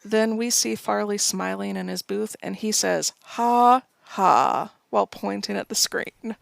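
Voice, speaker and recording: A woman's voice: mid-range voice, flat delivery, normal speed, vocal fry, no room sound. A woman co-hosting a podcast, chatting playfully and recapping a film scene by scene. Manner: playful, reads quoted lines with acted bursts. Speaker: podcast co-host. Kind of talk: casual chat and recap narration.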